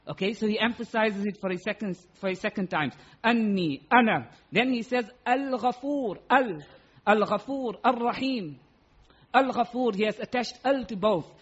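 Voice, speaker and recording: A man's voice: high-pitched, fairly bright tone, husky, dull audio. A man preaching a sermon, explaining Arabic words with emphatic repetition and acting out little quoted exchanges. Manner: emphatic, repeats words for stress, acts out quoted voices. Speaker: Islamic preacher.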